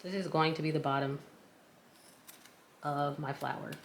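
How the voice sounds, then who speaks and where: A woman's voice: sits low, fairly even intonation, moderate pace, slight background noise. A woman with a Southern US accent, chatting casually while walking viewers through a sewing tutorial in a folksy, self-deprecating way. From American South. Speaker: craft tutorial host.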